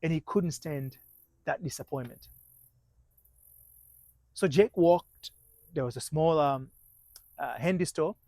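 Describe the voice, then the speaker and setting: A man coaching on marriage, telling a story in halting sentences with many restarts and dropping to a hushed voice at tense moments. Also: fairly high pitch, dry recording, poor audio. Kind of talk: motivational storytelling talk.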